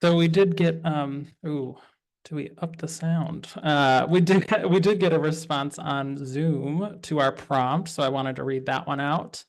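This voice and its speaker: A man's voice: a little high, steady tone, a little slow. Man hosting, reading submissions. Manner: casual and chatty between readings. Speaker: host. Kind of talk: reading audience submissions aloud.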